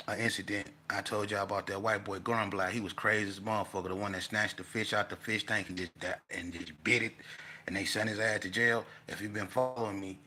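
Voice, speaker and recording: A man telling a casual storytelling monologue, animated and profane, breaking into loud outbursts. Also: fairly low pitch, a little hiss or hum. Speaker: vlogger telling stories.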